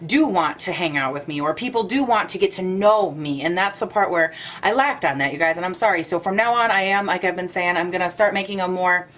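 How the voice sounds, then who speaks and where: A young woman chatting casually to her camera at home as a vlogger, animated and a bit out of breath, with playful rants. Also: lowish voice, brisk, few pauses. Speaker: beauty vlogger.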